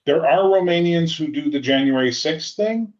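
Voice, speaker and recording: A man in loose banter with a co-host, cracking profane jokes and leaning on "like" as filler. His voice sits at a middling pitch. The recording sounds dull and lo-fi. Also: lively intonation, normal speed, crowd noise. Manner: joking, profane, uses "like" as filler. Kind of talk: casual chat.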